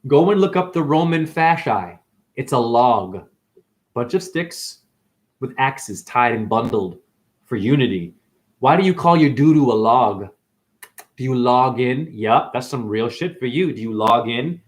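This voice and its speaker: A video monologue host with a mid-range, unhurried voice delivers a rambling spiritual monologue to viewers. He is animated and profane, and he calls his listeners "honey."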